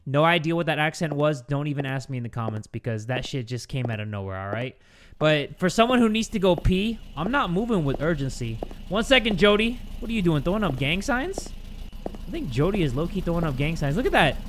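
A man's voice: on the high side, big pitch swings, a little fast, fairly bright tone, a little hiss or hum. A man hosting a gaming video, giving casual commentary with sudden yelps, swearing and jokey asides.

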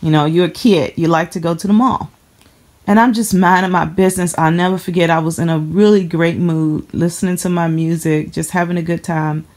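A woman from the Chicago area giving a personal testimony to camera, earnest and halting, often repeating herself as she holds back emotion. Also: fairly low pitch, fairly even intonation, a little mellow.

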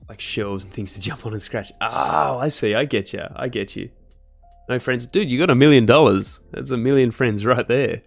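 A man's voice: medium pitch, moderate pace, creaky, faint music behind. A young man chatting casually with his live-stream chat while he studies medicine. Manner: casual, chatty, laid-back slang.

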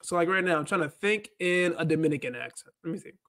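A man's voice: fairly high pitch, lively intonation, fast, fairly bright tone. A man hosting a casual livestream about learning, rambling and thinking aloud as he talks. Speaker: livestream host and Spanish learner.

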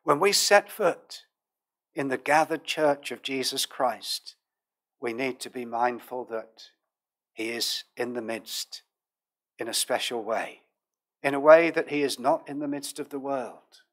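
A man preaching a sermon as pastor, in a measured, earnest manner with old King James phrasing. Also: mid-range voice, a bit bright.

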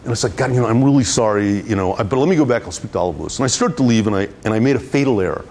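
A fairly low-voiced man lectures a class, storytelling with animated energy and lots of stumbles and repeats. A soft classroom hum sits faintly underneath. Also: rapid-fire. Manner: animated anecdotes with frequent repetitions and restarts. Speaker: guest lecturer on public relations.

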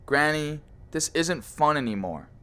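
A man's voice: a little high, animated, unhurried, pushed and bright. A young man commenting on a horror VR game, joking, swearing and teasing, often saying bro. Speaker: gaming YouTuber.

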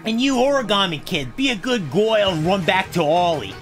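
A man's voice: sits high, animated, fairly quick, fairly bright tone, faint music behind, pitched above the performer's own voice. A man voicing a tough-talking male tape villain with a put-on New Jersey accent and a swaggering, menacing delivery.

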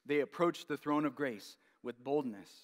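A man preaching a sermon as pastor, earnest, repeating key phrases and dropping to a hush at the ends of lines. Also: mid-range voice, moderate pace, in a large hall. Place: church sanctuary.

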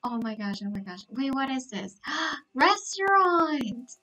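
A young woman live-streaming a game, gushing with excitement, gasping and repeating herself. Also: on the high side, a little fast, poor audio.

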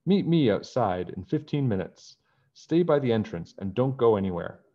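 A man's voice: medium pitch, very animated, moderate pace, muffled recording, voice pushed up. A man voicing a kind grown-up woman looking after young girls in a storybook read-aloud, friendly and instructing.

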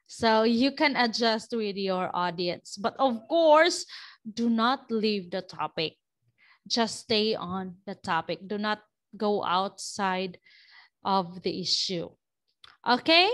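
Slow-talking woman teaching a lecture. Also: medium pitch, lively intonation, a bit bright. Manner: explains step by step, with frequent restarts and okays. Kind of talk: classroom lecture.

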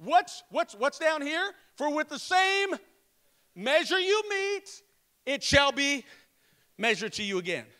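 A pastor preaching a sermon, calling on the congregation to repeat after him and slowing to stress each word of scripture. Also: male voice, very high-pitched, big pitch swings, pushed and bright. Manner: emphatic call-and-response preaching.

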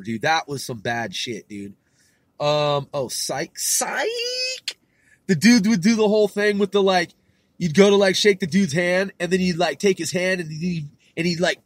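A man's voice: high voice, fairly bright tone, no room sound. A man hosting a podcast, talking casually in a laid-back, slangy way, swearing a lot and laughing often. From California. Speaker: podcast host. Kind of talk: casual profane monologue.

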